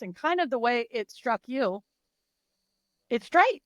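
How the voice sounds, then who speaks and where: A woman's voice: high voice, lively intonation, a little fast, dry recording, highs cut off. A middle-aged woman coach talking in a casual interview, emphatic and blunt, swearing freely. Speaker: mental performance coach.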